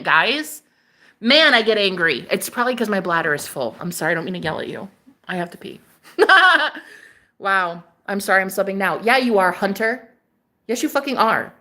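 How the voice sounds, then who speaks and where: A woman with a bright, forceful voice pitched a little high, hosting a spiritual livestream. She rants in a fiery, profane, preachy way straight to her viewers. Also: expressive, a little fast. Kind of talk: ranting livestream monologue.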